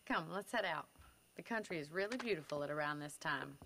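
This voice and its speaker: A woman's voice: low-pitched, lively intonation, a little fast, fairly bright tone, a little hiss or hum. An actress voicing a friendly young frontier woman rancher in a video game, speaking in a plainspoken way.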